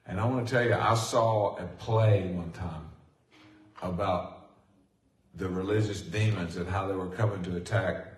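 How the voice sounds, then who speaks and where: A man preaching a sermon as pastor, speaking with rising passion and excited emphasis. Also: sits low, unhurried. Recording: echoey room from far off.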